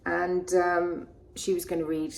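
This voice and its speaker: A woman chatting softly through a gardening vlog, often dropping into a half-whisper. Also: fairly low pitch, little pitch movement, a little slow, creaky. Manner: soft-spoken, often half-whispered asides. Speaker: vlogger. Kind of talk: casual gardening vlog narration. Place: garden outdoors.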